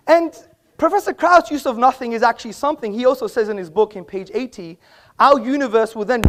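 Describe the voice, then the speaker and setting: A man giving a formal debate speech in an auditorium, combative and pointed, quoting sources at length. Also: high-pitched. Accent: British. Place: auditorium with an audience.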